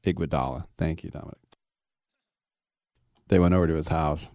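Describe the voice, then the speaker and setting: A man's voice: very deep voice, moderate pace, dark tone, dry recording, clean studio sound. A man hosting a sports talk radio show, rambling in a brash, casual way and firing off rhetorical questions.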